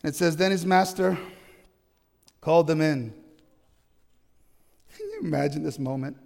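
A man's voice: on the high side, unhurried, creaky, a little mellow, big-room sound. A man preaching a sermon to his congregation, emphatic and often asking them questions. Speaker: pastor. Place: church.

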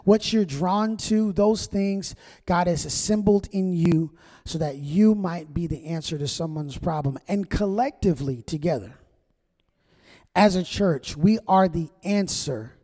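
A man's voice: a little high, mellow. Male pastor preaching in a reverberant church. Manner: conversational preaching with call-and-response. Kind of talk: sermon. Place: church sanctuary. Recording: long church hall reverb.

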